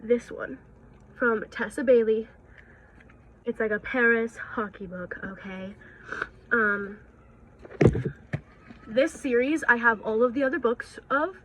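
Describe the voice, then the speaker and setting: Young female vlogger, excitable and gushy, slightly high voice, home phone recording. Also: background noise. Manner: gushing, excitable, swears casually. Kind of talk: casual vlog chat. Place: at home indoors. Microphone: phone camera.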